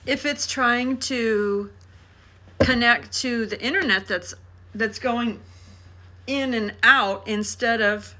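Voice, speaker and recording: A woman's voice: fairly high pitch, takes it slowly, bright, forceful tone. A woman co-hosting a casual live chat, patiently explaining and reading out the chat, on a handheld phone. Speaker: live stream co-host.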